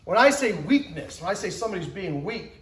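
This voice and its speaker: Very animated and a little fast, a man in his forties gives a motivational talk, emphatically acting out little scenes with rising pitch and shouts. The recording is rough, in an echoey room.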